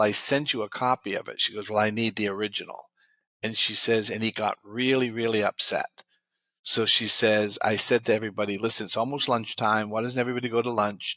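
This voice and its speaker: Speaking with a low-leaning, sharp voice in a dry, echo-free recording, a man being interviewed as an expert retells how his clients succeeded, packing in plenty of what they said.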